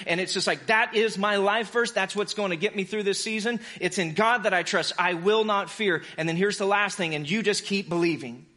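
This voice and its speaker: A pastor delivers a passionate, urgent sermon, alternating between fervent pleas and hushed, quiet lines. His voice is high-pitched, and he speaks briskly with few pauses.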